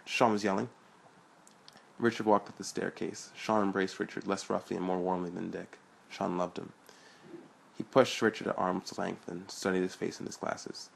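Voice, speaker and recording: Husky, low-voiced male storyteller. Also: flat delivery, normal speed. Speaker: narrator. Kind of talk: reading his own fiction aloud.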